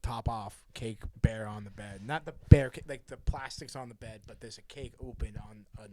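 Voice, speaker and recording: Animated young man telling a story. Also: fairly low pitch, moderate pace, dry recording. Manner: animated, laughing, swearing, lots of "like" and "dude". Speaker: podcast co-host. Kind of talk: casual storytelling chat.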